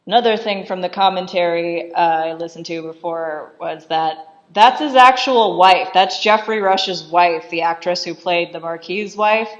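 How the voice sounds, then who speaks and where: A woman chatting through a film commentary, retelling scenes in an easy, offhand way. Her voice sits fairly low. The recording is dull and lo-fi.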